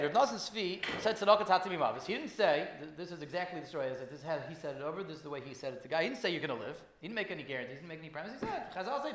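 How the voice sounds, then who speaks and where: A man's voice: on the high side, fairly bright tone, reverberant. A man giving a Torah class, telling stories in a loose, conversational way with many restarts and repeated words. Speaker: Torah teacher.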